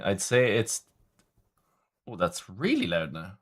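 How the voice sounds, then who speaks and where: A man's voice: deep voice, wildly swooping pitch, takes it slowly. A man hosting a casual livestream, chatting with viewers in a rambling way, often stumbling and restarting. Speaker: livestream host reading chat.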